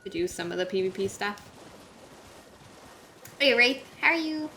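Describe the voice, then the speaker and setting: A woman's voice: medium pitch, expressive, measured pace, pushed and bright, a little hiss or hum. A woman streaming a video game, chatting casually with her viewers, joking and reacting aloud.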